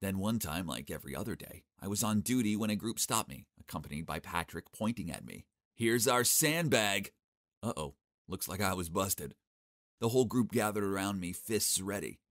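A young man narrating a first-person animated story in a cocky, sarcastic, expressive way. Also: deep voice, a little fast, no echo, clean studio sound.

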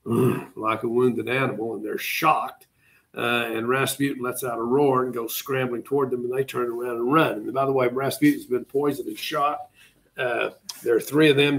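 A male teacher telling a history story to a class in a classroom, animated and dramatic in delivery. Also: mid-range voice, creaky.

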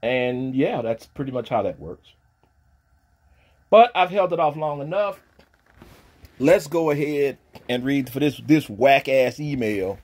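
A man delivers a profane, taunting livestream rant. He drops into low, quiet mutters, then climbs into loud, high-pitched shouting. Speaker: streamer pastor. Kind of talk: ranting livestream monologue.

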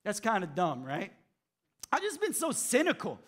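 A male pastor preaching a sermon, acting out the voices of doubters, then dropping to hushed emphasis. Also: sits high, wildly swooping pitch, moderate pace.

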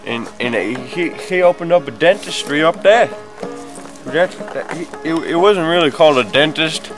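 A man playing a rambling, unhinged backwoods man who stammers, trails off and bursts out loud. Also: on the high side, moderate pace, over music, close to an everyday voice, rough recording. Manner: rambling, stammering, sudden outbursts. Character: rambling unhinged backwoods man, proud of his forest home. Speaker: comedian. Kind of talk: improvised comedy sketch.

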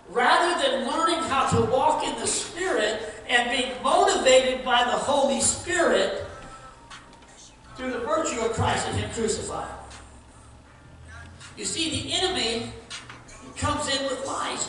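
A man's voice: extremely high pitch, fairly bright tone. Echoey preaching man, heard from afar. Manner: earnest preaching with repetition and rising emphasis. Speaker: pastor. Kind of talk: sermon. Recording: echoey hall from far off, faint noise.

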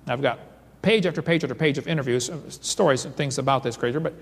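A man giving a seminar lecture, telling stories in an animated way and reading accounts aloud. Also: medium pitch, fast talker, creaky. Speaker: creationist seminar speaker. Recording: reverberant lecture hall.

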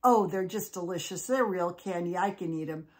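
A woman voicing a spoiled, mean teenage girl who turns shrill and whiny when upset. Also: normal speed, natural voice. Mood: smug.

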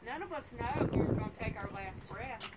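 A woman's voice: on the high side, expressive, a little fast. A woman speaking at her father's graveside service in an emotional, preacherly way, calling out to the mourners. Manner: emotional, preacherly, with call-and-response. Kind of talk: heartfelt eulogy with preaching. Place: outdoors at a rural graveside. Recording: loud outdoor background noise.

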